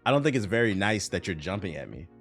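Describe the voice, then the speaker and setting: Faint music sits behind a young livestream host who speaks quickly in a low voice. He's animated, joking and profane, reading chat aloud as he talks casually.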